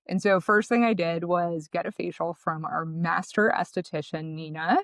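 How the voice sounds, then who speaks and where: Animated businesswoman telling a story, low voice. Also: moderate pace, no echo. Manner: animated, conversational, acts out quotes. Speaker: guest, founder. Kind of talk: interview storytelling.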